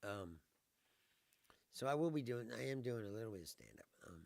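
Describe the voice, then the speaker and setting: A man's voice: lowish voice, lively intonation, a little fast, vocal fry, a little mellow, no room sound. A man hosting his own livestream as a comedian, chatting loosely and laughing often between stories. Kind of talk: casual livestream chat.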